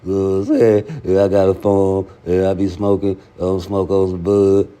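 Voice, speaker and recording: Guy putting on a chill bragging boxer voice, slow drawl, a bit lower than his own. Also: mellow, lightly acted. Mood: laid-back. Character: male boxer, laid-back and boastful.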